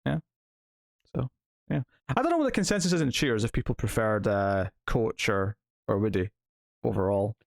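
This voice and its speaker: A man's voice: fairly low pitch, animated, moderate pace, creaky, dry recording, studio quality. A man hosting a casual TV news podcast, chatting with lots of fillers and frequent laughter. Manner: laughs often, filler-heavy rambling. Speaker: podcast host. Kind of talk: casual chat.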